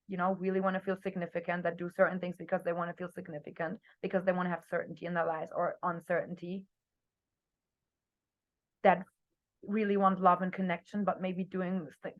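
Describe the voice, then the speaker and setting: Energetic young woman coaching a team. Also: lowish voice, a little fast, dull audio. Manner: energetic, expressive, swings between loud and soft. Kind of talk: motivational talk on a group video call. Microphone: video call.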